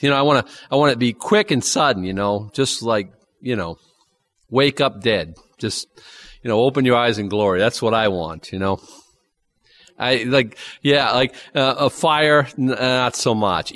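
A man preaching a sermon and reading scripture aloud, swinging between loud bursts and quiet asides, joking in a conversational way between verses. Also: fairly high pitch. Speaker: pastor.

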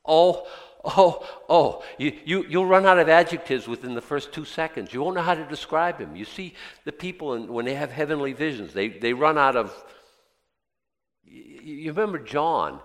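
A man preaching a sermon in a church, conversational and animated, with jokey asides. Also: on the high side, moderate pace, long reverb tail. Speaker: pastor.

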